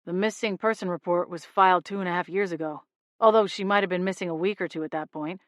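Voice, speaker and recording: A woman's voice: steady tone, fast, no room sound, studio quality, natural voice. A woman doing a laid-back rule-breaking young man. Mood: businesslike. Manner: easygoing, gruff and low on the phone.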